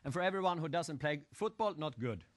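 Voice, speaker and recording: Animated male seminar speaker. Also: a little high, a little fast. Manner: animated, acts out crowd shouts and questions the audience. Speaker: motivational speaker. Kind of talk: live seminar talk.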